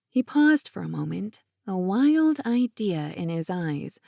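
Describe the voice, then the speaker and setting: A woman reading a romance audiobook in a soft, intimate way, close to the mic. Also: fairly low pitch, lively intonation, measured pace, gravelly, dry recording. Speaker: audiobook narrator. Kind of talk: scripted narration.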